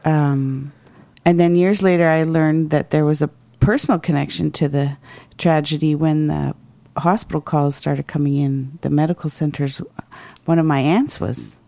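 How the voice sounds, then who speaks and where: A woman in her forties or fifties from Canada, co-hosting a casual chat with a brisk, affirming manner. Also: low voice, steady tone, creaky, mellow, no echo. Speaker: co-host.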